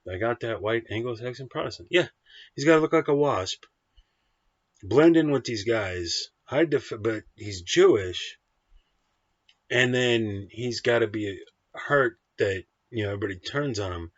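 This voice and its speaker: A man tearing into a film in a casual, ranting review, blunt and combative with plenty of swearing. His voice sits at an ordinary pitch for a man. The recording is dry and dull, with a lo-fi edge. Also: animated, a little slow, dry recording. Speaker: movie reviewer.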